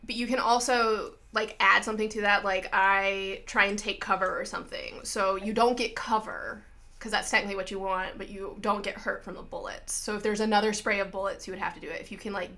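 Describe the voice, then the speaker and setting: A woman narrating as game master of a tabletop game, with lots of "like" fillers. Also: medium pitch. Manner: lively, frequent filler "like".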